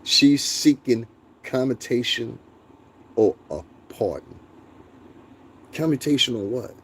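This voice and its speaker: A man's voice: medium pitch, lively intonation, takes it slowly, slight background noise. A young man hosting a casual live stream, talking bluntly and profanely, laughing often and answering his chat. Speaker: livestream host.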